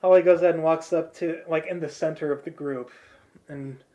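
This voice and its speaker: A man narrating as game master, in a relaxed, rambling way with many fillers. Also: fairly high pitch, brisk.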